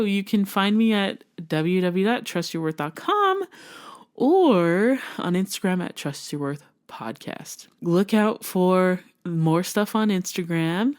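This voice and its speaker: Woman, motivational podcast host, earnest and encouraging, lowish pitch. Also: lively intonation, slow pace. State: emotional.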